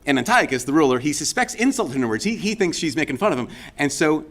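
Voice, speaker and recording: A male priest delivers a homily in a loose, conversational way, retelling a story with lively asides and everyday fillers. His voice sits a little on the higher side for a man. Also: fast talker. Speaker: Catholic priest.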